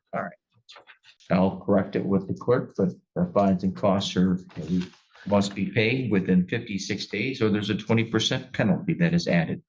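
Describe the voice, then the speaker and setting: A male judge giving stern, plainspoken sentencing remarks in a courtroom, often restarting his sentences. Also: on the low side. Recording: dull lo-fi courtroom recording.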